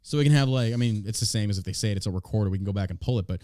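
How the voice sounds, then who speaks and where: This podcast host is a man with a lowish, dark-toned voice who talks rapid-fire. In a dry, studio-quality recording, he reads the news aloud and rants about it bluntly and profanely, as casual podcast commentary.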